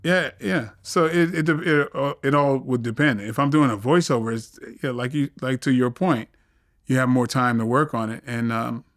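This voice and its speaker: A man's voice: mid-range voice, moderate pace, a bit bright, no echo, clean studio sound. A man appearing as an actor guest in a casual interview, playful and evasive, often restarting his sentences.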